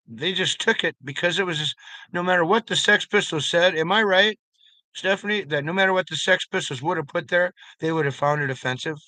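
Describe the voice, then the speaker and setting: On a live stream, a man with a highish, pushed, bright voice chats loosely with viewers, rambling and swearing freely while addressing people in chat by name. The sound has no echo.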